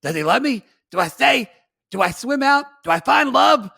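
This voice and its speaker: A man, co-hosting a podcast and recapping a reality show in animated casual chat with loud dramatic outbursts. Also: extremely high pitch, normal speed, vocal fry, husky, no echo, studio quality, a faint crowd. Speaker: podcast co-host.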